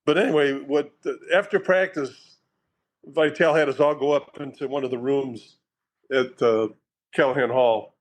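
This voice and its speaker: An older man, a former college basketball player, reminiscing on a call in a relaxed way with fillers. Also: medium pitch, normal speed. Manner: relaxed, uses fillers, thinks aloud. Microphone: remote call.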